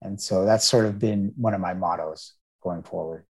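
A man's voice: sits low, moderate pace, husky. Earnest male startup founder. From United States. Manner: earnest, storytelling. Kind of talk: interview answers.

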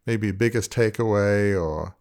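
A man's voice: lowish voice, unhurried, darkish tone. A man hosting a podcast, speaking reflectively and asking his guest questions. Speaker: podcast host. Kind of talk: casual interview.

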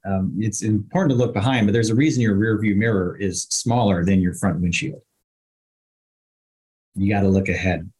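An older man with a husky, low voice speaks as a panel guest. He gives folksy, practical advice in a plain, steady manner. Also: moderate pace. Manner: folksy, uses plain metaphors. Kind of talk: casual panel discussion.

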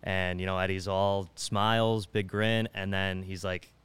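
A man guesting on a sports podcast, telling stories in a lively, casual way. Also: low-pitched, unhurried, clean tone. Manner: animated storyteller. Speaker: radio guest. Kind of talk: casual storytelling.

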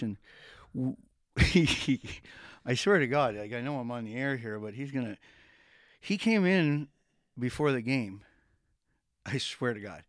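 A man's voice: mid-range voice, dry recording, clean studio sound. A middle-aged man, a retired hockey coach, telling stories as a guest in a casual podcast interview and often laughing. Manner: rambling storyteller who laughs often.

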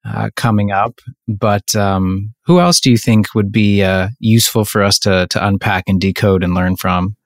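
A male podcast co-host with a fairly low voice, speaking in a casual, thoughtful manner. The recording is close and dry. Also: fairly even intonation, moderate pace, no room sound.

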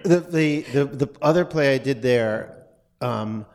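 A man from New York City, a stage actor appearing as a guest on a live podcast, speaking in a halting, self-deprecating way and often trailing off. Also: mid-range voice, a little mellow.

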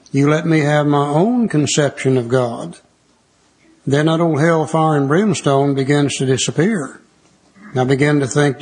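Older man, earnest and husky. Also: on the high side. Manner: earnest, repeats refrains, reads text aloud. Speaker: recovery speaker. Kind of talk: teaching talk on a recovery book.

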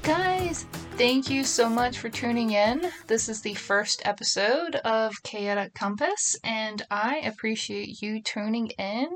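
A middle-aged woman hosts her own casual solo podcast from a small closet at home, recording on a phone and computer. She chats, rambles, and pokes fun at herself in a fairly high, expressive, slightly bright voice, speaking slowly over faint background music.

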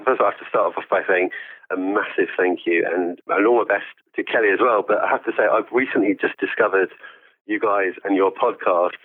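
A man's voice: low-pitched, a little fast. Enthusiastic man on a phone line. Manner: enthusiastic, chatty, laughs often. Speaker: podcast guest. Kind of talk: remote interview. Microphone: phone call-in.

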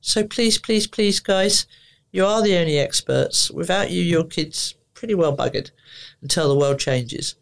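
A woman's voice: fairly low pitch, a little slow, gravelly. Woman therapist on a podcast, blunt, keeps repeating stuff for emphasis. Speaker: emotional therapist, guest. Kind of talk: casual podcast conversation.

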